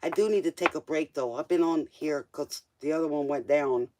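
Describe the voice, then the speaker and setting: A man's voice: on the high side, normal speed, dark tone. A man doing a live-stream tarot reading, casual and joking, talking straight to the viewer in loose, slangy speech. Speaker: tarot reader.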